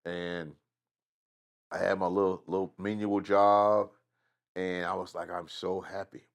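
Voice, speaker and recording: A middle-aged man from Atlanta with a Southern accent, telling profane, animated stories as an interview guest. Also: deep voice, unhurried, creaky. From Atlanta, Georgia. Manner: animated storyteller, profane, drawling asides. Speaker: guest rapper. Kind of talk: casual storytelling interview.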